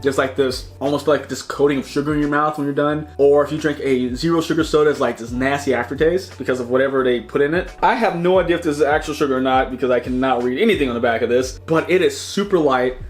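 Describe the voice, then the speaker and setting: Guy rambling through a snack taste test, talking with his mouth full, bit of music low in the back. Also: quick pace, hardly any pauses. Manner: rambling, chatty, restarts and repeats words; talks while chewing. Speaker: snack reviewer and channel host. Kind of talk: casual taste-test vlog.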